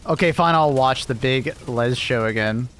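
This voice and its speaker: A man's voice: medium pitch, normal speed, a bit bright, slight background noise. Laughing British man streaming a game. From Britain. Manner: laughing, swearing, reacting to chat. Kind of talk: casual livestream chat while gaming.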